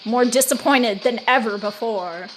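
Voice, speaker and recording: A woman's voice: fairly high pitch, a little slow, soft background music, close to an everyday voice. A woman reading out the lines of an angry male mafia boss in a casual paraphrasing way. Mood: threatening.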